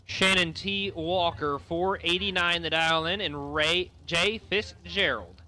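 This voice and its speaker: A man's voice: fairly high pitch, takes it slowly, pushed and bright. A man calling drag races and reading out dial-ins and reaction times. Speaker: race announcer. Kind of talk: race commentary.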